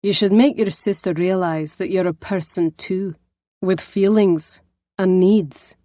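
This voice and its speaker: A woman's voice: fairly low pitch, measured pace, warm tone, no echo, lightly acted. A woman voicing a blunt young nobleman who speaks directly.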